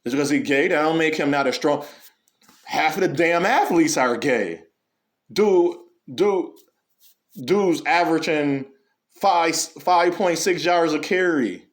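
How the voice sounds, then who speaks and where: Preachy man with a higher voice. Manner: preachy, rhetorical questions, animated storytelling. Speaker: commentary channel host. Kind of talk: unscripted spoken monologue.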